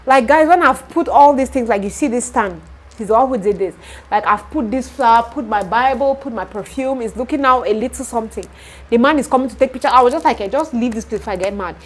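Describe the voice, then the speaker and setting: A young woman with a Nigerian accent, a vlogger and shop owner telling an exasperated story in casual talk, breaking into loud outrage. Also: a little high, brisk, poor audio.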